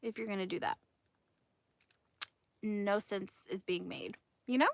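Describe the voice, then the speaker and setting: A woman's voice: mid-range voice, unhurried, gravelly, no echo, studio quality. A woman hosting a livestream, telling gossip in a casual, indignant way and laughing often. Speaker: livestream host.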